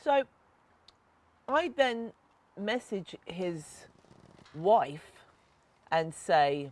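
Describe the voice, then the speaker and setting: A woman's voice: lowish voice, very animated, extremely slow, long pauses. A woman, a podcast co-host and author, retelling a story bluntly with plenty of swearing, recorded outdoors in a back garden. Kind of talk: casual chat, storytelling.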